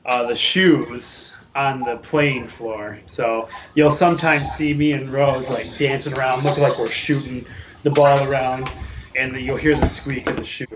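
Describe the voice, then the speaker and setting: A male co-host runs through the night's games in a loose, rambling way, dropping fillers as he goes. His voice sits at an ordinary pitch, and a steady hiss of noise runs under the recording. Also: a little slow. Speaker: sports show co-host. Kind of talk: casual sports picks chat.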